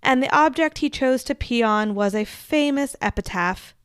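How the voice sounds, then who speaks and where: A woman co-hosting a podcast tells a story in a smooth voice that sits high, at normal speed, with clean, echo-free studio sound. She's chatty and casual, laughing often and tossing in self-deprecating asides.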